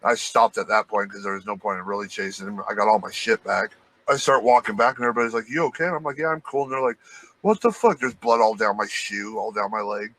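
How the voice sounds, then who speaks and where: A man co-hosting a podcast, telling a profane, animated work story in casual chat. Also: lowish voice, fast, rough recording. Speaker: podcast co-host.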